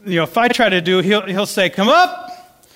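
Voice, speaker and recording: Male pastor, conversational storyteller, fairly high voice, reverberant church hall. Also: quick pace, fairly bright tone. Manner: storytelling, conversational with many restarts. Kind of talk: sermon.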